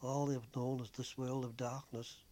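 A man's voice: medium pitch, little pitch movement, moderate pace, dark tone, lightly acted. A man reading a homesick young woman nurse. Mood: earnest.

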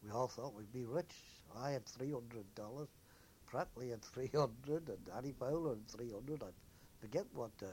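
Older man, former seaman, mid-pitched voice, unhurried anecdotal recollection. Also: dark tone, slight background noise. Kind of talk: oral history recollection.

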